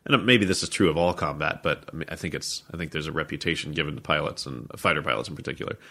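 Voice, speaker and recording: A man talking casually as a podcast guest, with a calm, radio-style delivery and frequent laughter. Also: very deep voice, fast talker. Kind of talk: casual conversation.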